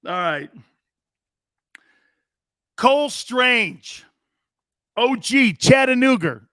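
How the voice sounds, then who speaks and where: A man's voice: high-pitched, a bit bright, dry recording, studio quality. A man hosting a sports talk show, joking and rambling and laughing often.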